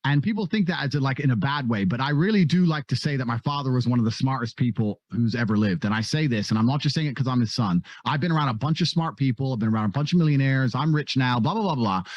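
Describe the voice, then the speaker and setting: A man talking reflectively as a podcast guest, halting and restarting, swearing casually now and then. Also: medium pitch, dry recording, highs cut off.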